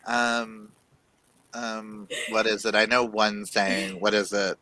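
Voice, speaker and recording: A man co-hosting a live chat show in a casual way, laughing loudly in high bursts. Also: level tone, slow pace, poor audio. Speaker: livestream co-host.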